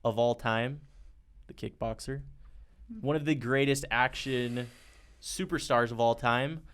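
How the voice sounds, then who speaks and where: A man's voice: mid-range voice, fairly even intonation, unhurried, a bit bright. A man co-hosting a podcast, arguing his side in a casual debate, confident and teasing. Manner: confident, teasing, laughs often.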